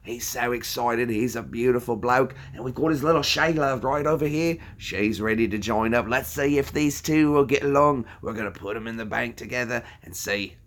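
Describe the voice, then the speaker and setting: A man doing a hushed, eager Australian wildlife host. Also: medium pitch, normal speed, hardly any pauses, natural voice. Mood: admiring. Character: excitable male wildlife-show host, adult.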